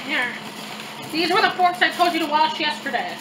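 High-voiced woman, hesitant and soft. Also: animated, normal speed, noisy background. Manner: hesitant, filler-heavy talk. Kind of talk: casual mukbang chat.

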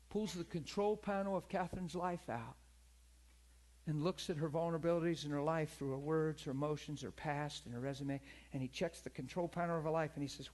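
A man's voice: on the high side, brisk, darkish tone. A middle-aged man preaching a sermon in a conversational, storytelling way, calling out to his congregation.

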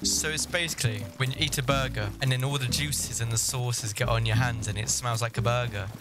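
A British man streaming a survival game, joking loudly and swearing in casual chat. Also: mid-range voice, steady tone, fairly quick, over loud music.

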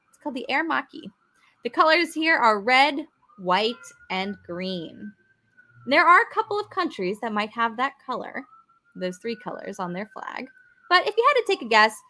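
Upbeat woman with a bright voice. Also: on the high side. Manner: upbeat, chatty, answers viewer comments. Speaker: museum educator. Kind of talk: live virtual museum tour. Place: aircraft museum hangar.

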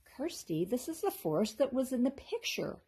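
A woman voicing a brave, curious young girl in a storybook reading, with a husky voice. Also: high-pitched, big pitch swings, moderate pace, mellow, pitched above the performer's own voice, heavily acted. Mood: excited.

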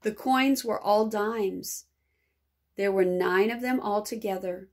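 A woman teacher reading a children's novel aloud, expressive and lingering over words. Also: mid-range voice, takes it slowly.

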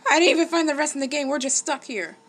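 A woman giving casual let's-play commentary, excitable, gasping and exclaiming at the game. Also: high-pitched, fast. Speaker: gaming channel host.

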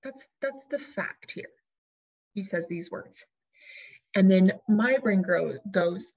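A woman coaching her listeners, whose talk is lively and chatty and who slips into dramatic inner voices to make her point. Her voice sits at a middle pitch. The recording is a little dull and lo-fi. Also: unhurried, slightly rough. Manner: lively, shifts into dramatic inner voices when acting out examples. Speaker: life coach. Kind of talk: teaching talk to an audience.

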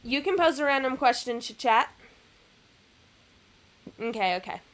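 With a high voice, lively intonation and a slightly bright, unhurried delivery, a young woman talks casually to her live-stream viewers from home. Using a webcam and computer mic, she stays bubbly and chatty, laughing a lot and making fun of herself.

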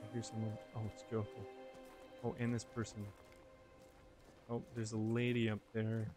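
A man's voice: fairly low pitch, completely flat delivery, normal speed. A man giving casual, jokey commentary while he plays a video game, talking to himself as he explores. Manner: chatty, jokey, talks to himself. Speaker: gamer narrating his play. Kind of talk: casual let's-play commentary. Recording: game music behind the voice. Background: game music.

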